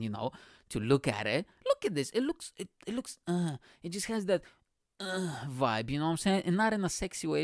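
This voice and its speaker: A man's voice: on the high side, no echo, studio quality. A male comedian hosting his own podcast, rambling in a casual comic monologue, swearing a lot and tagging lines with bro and you know what I'm saying. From immigrant.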